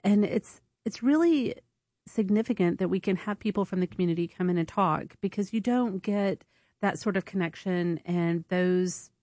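A woman's voice: medium pitch, normal speed, mellow, no echo. A woman hosting an on-air fundraiser at a community radio station, chatty and upbeat. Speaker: public radio host. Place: radio studio. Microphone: studio microphone.

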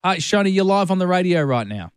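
A man co-hosting drive-time radio, playful and chatty with quick stammers. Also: sits high, sing-song, clean tone, no room sound, clean studio sound. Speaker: radio co-host.

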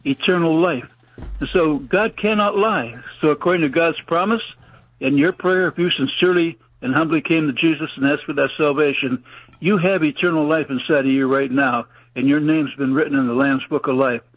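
A man preaching fast and urgently as a caller on a radio talk show, with folksy, plain-spoken grammar. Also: on the high side, no echo. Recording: tinny phone line on radio.

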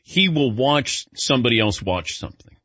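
A man's voice: mid-range voice, sing-song, normal speed, fairly bright tone, slightly rough, no room sound, muffled recording. A man hosting a radio show, chatting casually and animatedly telling stories while calling on his cohosts by name. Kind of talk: casual on-air banter.

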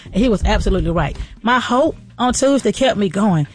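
Woman host, rapid-fire motivational faith talk, fervent and folksy, soft music underneath. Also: medium pitch, animated. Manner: fervent, preacher-like encouragement; casual, folksy. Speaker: podcast host and entrepreneur.

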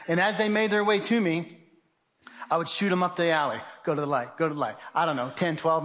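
A middle-aged man telling a vivid personal story to a crowd, with a fairly high-pitched voice. He acts out his own shouts and calls his listeners guys. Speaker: speaker giving a testimony presentation. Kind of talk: dramatic spoken testimony to a live audience.

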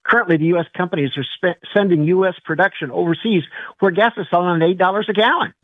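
A man's voice: sits high, fast talker, no room sound. A man calling in to a radio show, pressing his point urgently. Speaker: caller. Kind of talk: call-in radio comment. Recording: tinny phone line.

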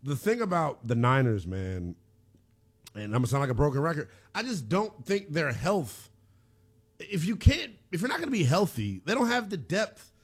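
An animated male sports radio host whose pitch jumps around as he teases his callers. He talks a little higher than most men and laughs easily between his remarks. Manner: animated, teasing, laughs often.

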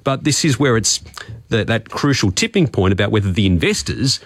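An Australian man delivering a market update on radio in an explanatory tone. His voice is on the low side. The sound is dry and close. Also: sing-song, moderate pace, dry recording. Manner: informative, with occasional restarts. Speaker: finance reporter.

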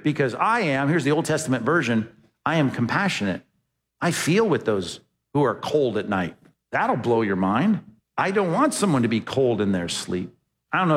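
Conversational preacher in a reverberant hall. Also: male voice, mid-range voice. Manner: conversational preaching with rhetorical questions and emphatic quotes. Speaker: pastor. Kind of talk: sermon.

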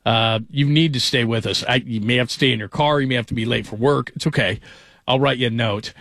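Man, sports radio host, rambling casual chat, mid-pitched voice, dry close studio sound. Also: a little fast, vocal fry, a bit bright, no room sound. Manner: rambling, chatty, jumps between stories.

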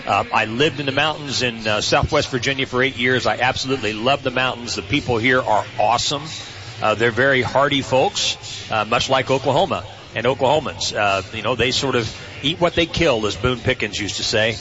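A man, a team's play-by-play radio voice, giving folksy, relaxed football analysis from a stadium booth. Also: medium pitch, a little fast, dull audio, music in the background.

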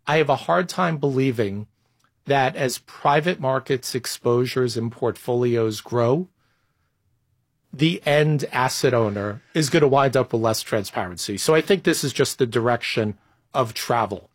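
50s guy answering interview questions, kinda husky, dead dry sound, thinks out loud and restarts bits. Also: medium pitch, a little slow, dry recording. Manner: thoughtful, self-deprecating, restarts phrases. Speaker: guest executive.

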